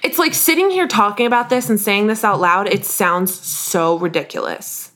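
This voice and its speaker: A woman co-hosts a podcast in casual, candid chat. She speaks in a confessional, halting way, often stopping to restart a sentence. She grew up in the northern United States. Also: mid-range voice, fairly bright tone. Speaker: podcast co-host.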